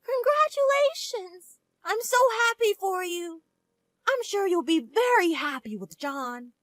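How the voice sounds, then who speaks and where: A woman voicing a gentle, loving mother with an encouraging manner. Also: high-pitched, big pitch swings, normal speed, no echo, voice pushed up. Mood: affectionate. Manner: warm, encouraging.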